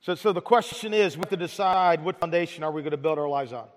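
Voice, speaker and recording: A man with a high voice preaches a sermon, repeating words as he restarts and throwing rhetorical questions at the congregation. His voice carries a long reverb, as in a large hall. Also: fast talker. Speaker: pastor.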